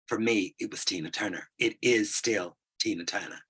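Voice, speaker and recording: A middle-aged man with a husky, bright voice tells a personal story in an interview. He talks hesitantly, with frequent restarts and fillers. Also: lowish voice, steady tone, a little fast, hardly any pauses. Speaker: interview guest.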